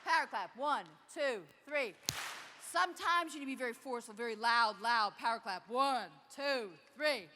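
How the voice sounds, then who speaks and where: A woman's voice: fairly high pitch, normal speed, big-room sound, background noise. A woman giving an interactive motivational keynote on a large convention stage, leading the crowd in call-and-response. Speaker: keynote speaker.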